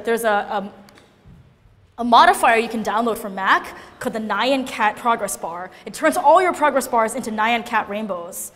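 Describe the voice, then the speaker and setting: A woman giving a casual, animated classroom lecture, often checking in with her listeners by asking "right?". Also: fairly high pitch, long reverb tail.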